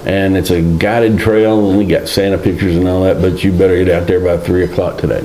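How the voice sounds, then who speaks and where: A man's voice: low voice, flat delivery, dark tone, slight background noise. A man co-hosting a local community news show, talking in an easygoing, folksy way. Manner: easygoing, folksy, drawn-out phrasing. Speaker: co-host and local financial agent. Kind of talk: casual live show chat. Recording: roomy echo.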